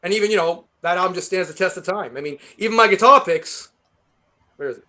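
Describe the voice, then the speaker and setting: A man with a heavy New York accent, a guest guitarist rambling through animated stories in a casual interview. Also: sits high, quick pace. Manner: rambling, animated storytelling with many fillers.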